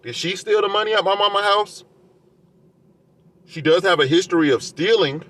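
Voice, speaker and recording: A man's voice: sits high, moderate pace, a bit bright. Aggrieved man ranting to camera. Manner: aggrieved, defensive, heated. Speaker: vlogger. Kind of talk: casual rant to camera.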